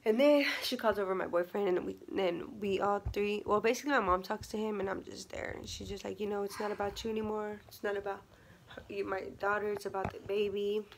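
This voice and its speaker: A woman's voice: medium pitch, steady tone, brisk, creaky, a little hiss or hum. Chatty young woman telling a story. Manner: chatty, many fillers and laughs, acts out quotes. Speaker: vlogger. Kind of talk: casual storytime vlog.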